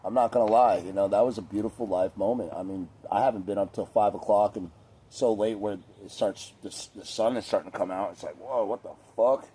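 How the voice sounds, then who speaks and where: A man's voice: lowish voice, steady tone, a little fast, warm tone, slight background noise. Laid-back, profane young man rambling. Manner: laid-back, profane, chatty with lots of fillers. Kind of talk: casual rambling monologue.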